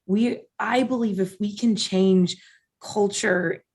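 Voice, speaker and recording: A woman's voice: mid-range voice, fairly even intonation, a little mellow. A woman in her thirties speaking passionately as a guest on an interview podcast. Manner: passionate, impassioned, rapid. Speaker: podcast guest, event founder. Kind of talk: casual interview chat.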